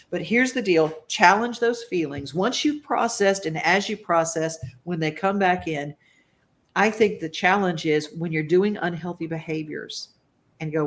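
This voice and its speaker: A woman hosting a talk show, speaking emphatically and reading viewer comments aloud. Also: on the low side. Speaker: host. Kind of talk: casual talk show chat.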